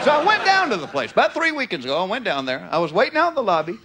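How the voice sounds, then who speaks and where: Very fast with few pauses and huge pitch swings, a high-voiced Southern American man does stand-up before a crowd audible in the background. He's a drawling storyteller who jumps into character voices during the live show.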